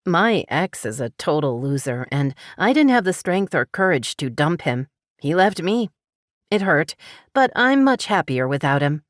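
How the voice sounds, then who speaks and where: A woman's voice: sits low, very animated, unhurried, no echo, clean studio sound. A woman voicing a friendly, chatty local woman.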